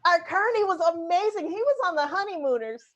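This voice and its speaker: A woman's voice: very high-pitched, expressive, fairly quick, a bit bright, lo-fi sound. A woman hosting an online improv show over a video call, bubbly and laughing often. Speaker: improv host.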